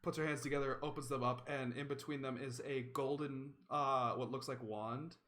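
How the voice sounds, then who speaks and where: A man's voice: medium pitch, fairly even intonation, normal speed, a bit bright, a little hiss or hum. A man running a tabletop game as game master, narrating in a chatty way with many fillers.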